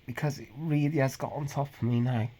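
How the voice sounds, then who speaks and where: Halting man in his fifties. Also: mid-range voice, fairly even intonation, dark tone. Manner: halting, hesitant, many pauses and restarts; earnest and emotionally raw. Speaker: vlogger. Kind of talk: personal confessional monologue.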